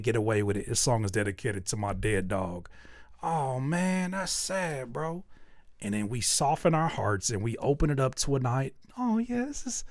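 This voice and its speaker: A man hosts a live song review with a gravelly, fry-edged voice, close and dry on the mic. He talks bluntly and candidly and swears freely. He drops into acted-out little scenes to make his points. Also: medium pitch, no echo. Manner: animated, acts out little scenes. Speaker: music feedback host. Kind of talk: livestream song review commentary.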